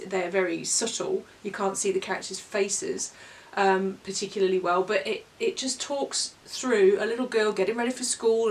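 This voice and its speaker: A woman co-hosts a relaxed book review. She talks expressively and reads passages with drama. Her voice sounds slightly far from the microphone, at a middle pitch. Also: slight background noise. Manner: expressive storyteller, dramatic when reading aloud. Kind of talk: casual book review chat. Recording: voice a little far from the mic.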